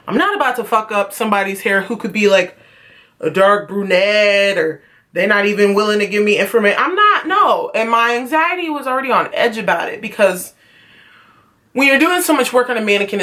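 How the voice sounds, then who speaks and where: A young woman venting in a heated, profane vlog rant, telling her story with animated swings of feeling. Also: mid-range voice. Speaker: vlogger, former beauty school student.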